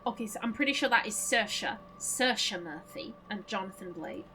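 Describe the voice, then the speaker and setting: A woman hosting a let's play, chatting excitably and rambling as she plays. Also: mid-range voice, normal speed, faint music behind, low-quality recording. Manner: excitable, rambling, self-interrupting. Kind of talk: casual gaming commentary and reading aloud.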